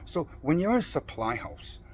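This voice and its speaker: A man's voice: a little high, big pitch swings, a little slow, slight background noise. A middle-aged man in a blunt, profane personal rant, defiant and boastful about his principles. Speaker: vlogger.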